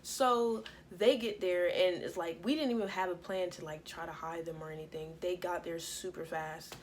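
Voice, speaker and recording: A young woman vlogger telling a story in a casual, profane, animated way. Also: on the low side, normal speed, a little hiss or hum. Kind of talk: storytime vlog.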